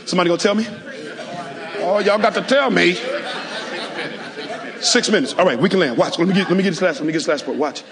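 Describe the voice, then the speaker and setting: High-voiced man preaching in a hall. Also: fast, creaky, long pauses, a crowd in the background. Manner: call-and-response preaching, swings from soft to shouting. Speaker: pastor. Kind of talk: sermon. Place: large auditorium.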